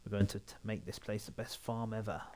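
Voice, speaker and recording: An eager, upbeat young farm girl from a game, read out by a man in his own fairly low voice. She talks brightly about her plans. The voice stays close to everyday speech. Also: little pitch movement, a little fast, lightly acted.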